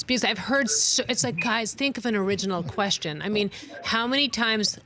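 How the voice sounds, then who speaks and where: Animated woman co-host asking teasing questions. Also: mid-range voice, normal speed. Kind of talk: casual chat.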